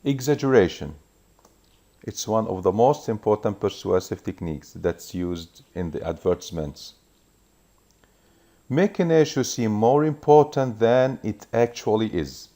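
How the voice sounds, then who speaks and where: Low-voiced male teacher giving a revision lesson. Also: expressive, dark tone. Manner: measured, explanatory, reads examples aloud.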